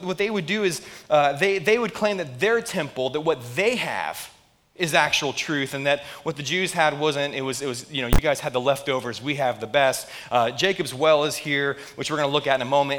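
A pastor preaching a sermon, retelling a story in a conversational, animated way with frequent restarts. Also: male voice, fairly high pitch.

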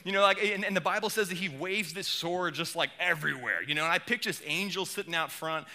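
A man giving a relaxed but lively sermon with playful asides. His voice is strikingly bright and sits a little high for a man. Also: quick pace. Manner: casual and animated, with playful asides. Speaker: pastor.

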